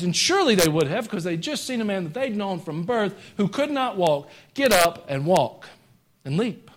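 A man preaching a sermon to his congregation. He talks conversationally, pushing some lines out loud and dropping others to quiet joking asides. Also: high voice, very animated, moderate pace. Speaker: pastor. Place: church sanctuary.

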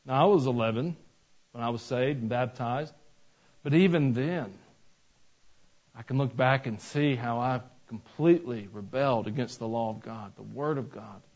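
A man's voice: medium pitch, moderate pace, a little mellow. Man preaching a folksy sermon. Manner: conversational, with joking asides. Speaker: pastor. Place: church sanctuary. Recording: dull lo-fi recording.

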